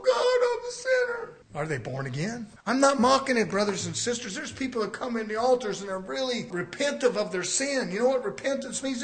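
A man preaching a sermon to his congregation, impassioned, swinging from loud cries to hushed passages and acting out sinners' pleas. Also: high-pitched. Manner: impassioned, rising and falling in volume, acts out sinners' cries.

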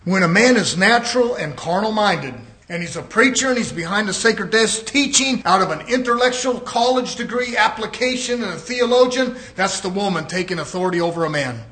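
A man preaching a fiery sermon, rising to shouts and dropping low.

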